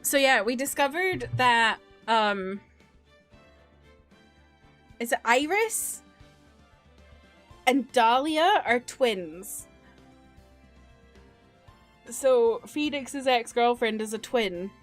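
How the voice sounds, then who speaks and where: A woman with a higher voice and lively intonation draws out her words and leaves long pauses as she chats on stream between games. Her British accent drops T's, she giggles into a desk mic, and faint music plays underneath.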